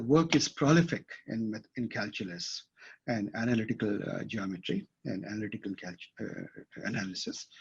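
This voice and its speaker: A man's voice: medium pitch, darkish tone, husky. A man teaching a class at a whiteboard, thinking aloud and often checking that his students follow. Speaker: instructor. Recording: dull lo-fi classroom recording.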